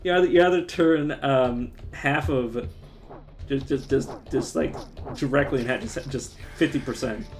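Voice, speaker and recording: A man's voice: medium pitch, faint music behind. Giggly man chatting on a live stream. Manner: giggly, laughs often, halting restarts. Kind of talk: casual live-stream chat.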